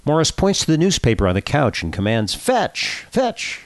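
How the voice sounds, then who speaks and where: Lively-voiced male radio host. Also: medium pitch, fast talker, dry recording. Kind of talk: talk show chat and scripted reading.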